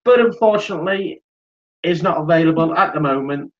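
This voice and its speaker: Man, stream host, high voice, chatty, a few drinks in, muffled lo-fi audio. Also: fairly quick. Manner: chatty, apologetic, greets viewers by name. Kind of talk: casual live stream chat.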